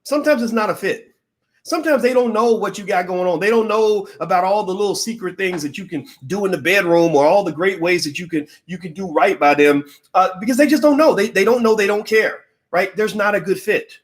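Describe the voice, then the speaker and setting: A middle-aged man holds forth in a loose, conversational monologue about negotiation. His voice sits a touch high for a man, and he gets animated, slipping into quoted voices and dropping casual curses. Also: fairly quick. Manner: animated, acts out quoted people, swears casually. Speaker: commentator on business.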